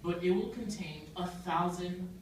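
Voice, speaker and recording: A young man with an American accent performing a stand-up set, telling his stories deadpan and breaking into sudden loud outbursts. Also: high-pitched, unhurried. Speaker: stand-up comedian. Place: comedy club stage. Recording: echoey club room from far off, noisy. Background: audience laughter.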